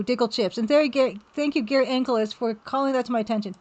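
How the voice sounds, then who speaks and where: A woman chatting casually on a live art stream while working, reading viewer messages aloud and reacting with excited exclamations. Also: a little high, fast, few pauses. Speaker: game developer streaming while drawing.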